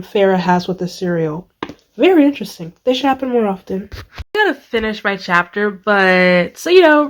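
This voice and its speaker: A woman book vlogger talking casually to the camera, gushing and excitable, rambling with many fillers and restarts. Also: medium pitch. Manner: gushing, excitable, lots of exclamations. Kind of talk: casual reading vlog.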